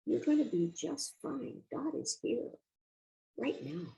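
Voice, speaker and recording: A kindly reassuring woman, quoted by an older female storyteller, gravelly, gentle. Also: a little high, big pitch swings, slow, pitched above the performer's own voice, heavily acted, poor audio. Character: kindly woman offering comfort.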